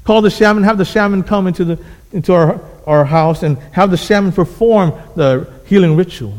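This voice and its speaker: A man voicing a gravely ill farmer's wife who insistently gives her husband orders, in an echoey hall. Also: high voice, moderate pace, darkish tone, voice pushed up, lightly acted. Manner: insistent, demanding.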